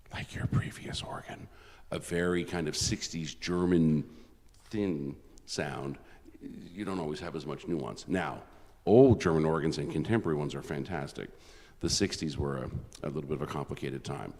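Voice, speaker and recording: A man's voice: very deep voice, darkish tone. A man from Canada, a concert organist, giving a chatty, self-deprecating spoken introduction with frequent restarts. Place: large church. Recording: long church reverb.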